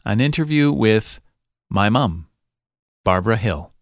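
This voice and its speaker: Low-voiced Canadian man hosting a podcast. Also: measured pace. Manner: relaxed, chatty, with frequent ums and laughs. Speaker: podcast host. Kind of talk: casual podcast interview.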